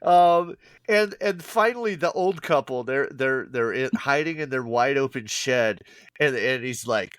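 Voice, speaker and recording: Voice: mid-range voice, unhurried, a bit bright, no room sound. A podcast co-host animatedly retelling a bad movie's plot in casual chat, acting out the characters and swearing freely.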